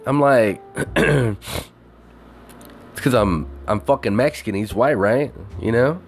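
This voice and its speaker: A man telling a story in a casual, animated rant, swearing constantly and filling his talk with "like" and "you know". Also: mid-range voice, a little slow, pauses often, slight background noise. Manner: animated, heavy swearing, many fillers.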